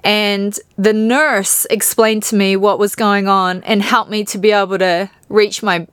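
A woman's voice: mid-range voice, level tone, unhurried, a bit bright, smooth, dry recording. A woman from New Zealand with a New Zealand accent, hosting a podcast and candidly, emotionally retelling personal stories. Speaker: podcast host.

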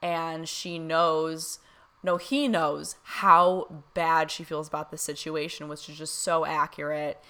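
A woman's voice: sits low, little pitch movement, takes it slowly, pushed and bright, clear, resonant tone. A young woman chatting casually to camera, filling her talk with "you know" and "like" and laughing often. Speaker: vlogger recounting a reading. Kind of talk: casual chat.

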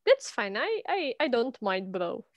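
A woman's voice: fairly high pitch, very animated, a little slow, no echo. A woman co-hosting a book podcast, chatting casually and teasing her co-host with blunt remarks. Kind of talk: casual chat.

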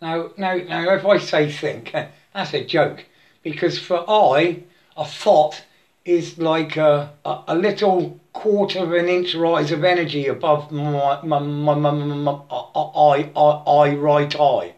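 A man giving a halting, repetitive spiritual monologue, breaking into chanted mantras and laughing to himself. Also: fairly high pitch, darkish tone, muffled recording.

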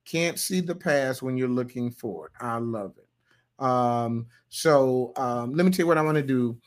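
Folksy pastor chatting with online viewers. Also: male voice, mid-range voice, a little slow. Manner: loose, folksy, playful, with sudden loud bursts. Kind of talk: livestream sermon talk reading viewer comments.

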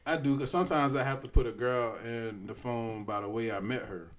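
A man's voice: medium pitch, fairly even intonation, brisk. A man co-hosting a podcast, telling crude stories in a laid-back, joking way. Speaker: podcast co-host. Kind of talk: casual chat.

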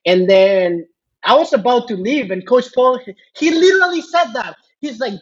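A jiu-jitsu student appearing as a podcast guest tells a rambling story full of fillers and restarts, laughing often. His voice is very high-pitched and expressive at a normal speed, and the sound is lo-fi.

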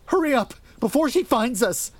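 A man's voice: medium pitch, expressive, measured pace, voice pushed up. A man voicing a frightened wife who is haunted by her dead twin, speaking desperately and breaking into sobs. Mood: panicked.

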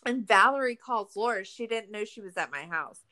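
A woman's voice: medium pitch, expressive, moderate pace, pushed and bright. A young woman co-hosting a podcast in casual chat, laughing often, swearing and ranting sarcastically. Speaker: podcast co-host.

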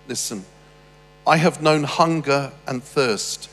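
A man's voice: high-pitched, measured pace. A man preaching a sermon, reading scripture and breaking off into humorous asides. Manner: humorous, animated storytelling with asides. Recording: long reverb with faint music.

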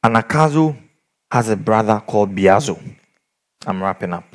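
A man's voice: fairly low pitch, moderate pace. A man preaching a sermon, telling stories and acting out the people in them. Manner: animated storytelling, acts out quoted people.

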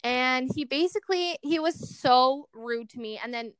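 A woman's voice: sits high, measured pace, clear, resonant tone, dry recording, clean studio sound. A young woman, co-hosting a podcast and telling a story in casual chat, acting out the voices of the people in it. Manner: animated storyteller who acts out quoted voices. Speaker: podcast co-host.

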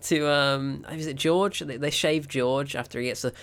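A man's voice: mid-range voice, steady tone, normal speed, fairly bright tone. A man, gushing and rambling in a casual film review. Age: 20s.

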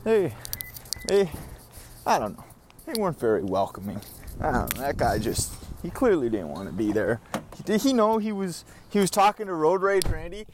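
A man's voice: a little high, big pitch swings, moderate pace. A man hosting his own podcast as a casual, rambling vlog, cursing and complaining while driving and shopping. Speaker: podcast host. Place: car and store, on the go.

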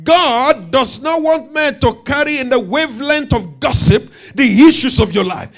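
A man preaching a sermon emphatically, repeating key phrases and rising to shouts. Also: very high voice, moderate pace.

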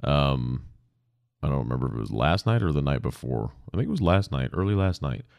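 A young man hosts a podcast, rambling casually, digressing, and putting himself down with lots of swearing. His rumbling low voice is expressive, fairly quick, gravelly, and a little mellow. It's a dry, clean studio recording on a podcast microphone.

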